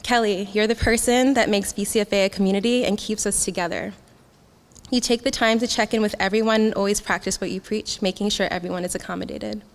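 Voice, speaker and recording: A young woman gives a graduation speech in a hall with a long, ringing reverb. She talks in a heartfelt way, with frequent small laughs. Her pitch sits in the middle for a woman. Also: steady tone, fast talker. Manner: heartfelt, laughs often, gets emotional. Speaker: graduating student speaker.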